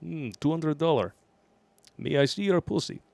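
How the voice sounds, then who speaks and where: A man's voice: on the high side, lively intonation, normal speed, creaky, a little mellow, dry recording, voice pushed up. A man voicing a blunt, crude Russian immigrant man in a heavy put-on Russian accent with broken English.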